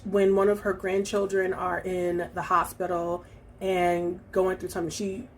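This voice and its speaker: A woman talking through her recent reading in a casual vlog, reflective and halting, with many fillers and restarts. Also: on the low side, flat delivery, a little hiss or hum. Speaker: book vlogger. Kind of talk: casual book review vlog.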